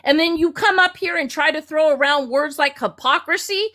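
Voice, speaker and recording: A woman's voice: high voice, moderate pace, pushed and bright. A woman with a Southern US twang and drawl, lecturing scornfully as a co-host in a heated political argument. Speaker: co-host of a live audio debate.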